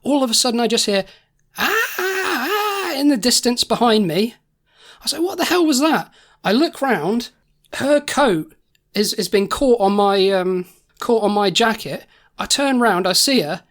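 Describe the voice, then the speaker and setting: Woman co-host, rambling comic storyteller, mid-pitched voice. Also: moderate pace. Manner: rambling, laughing, many restarts. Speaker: podcast co-host. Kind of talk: improvised comedy storytelling.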